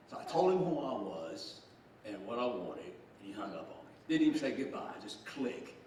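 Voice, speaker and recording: A man's voice: medium pitch, very animated, normal speed, a little mellow, a little hiss or hum. A man in his sixties with a Southern US accent, giving a speech to a group as a state official. He tells stories in a folksy, joking way. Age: 60s. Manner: folksy storyteller, joking, chuckling. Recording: echoey room from far off.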